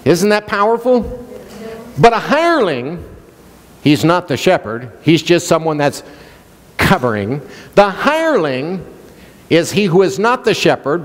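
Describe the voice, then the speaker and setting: A man's voice: sits high, big-room sound. A male pastor preaching a sermon, questioning the congregation and joking with them. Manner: playful, jokes and laughs.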